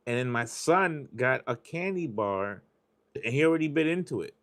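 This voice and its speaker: A man's voice: mid-range voice, lively intonation, normal speed, fairly bright tone. A man hosting a live stream, chatting casually in a rambling, confessional way and swearing freely. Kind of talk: casual chat while scratching lottery tickets.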